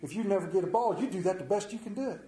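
High-voiced preacher in an echoey hall. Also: male voice, animated, racing. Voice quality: folksy Southern drawl talk with "ain't" and "y'all". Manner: storytelling, shifting from hushed tender moments to loud emphatic preaching. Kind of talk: sermon. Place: church sanctuary.

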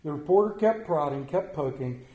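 A pastor delivers a sermon in a church sanctuary with a slightly high, mellow voice. He builds his storytelling to loud peaks and then drops to a quiet, gentle pulpit tone. The room carries a clear echo around him. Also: expressive, normal speed.

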